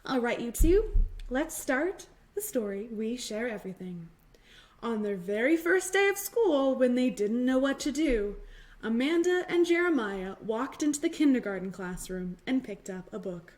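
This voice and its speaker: Woman, children's librarian, high lively storyteller. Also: normal speed. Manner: bright, animated, plays up the characters.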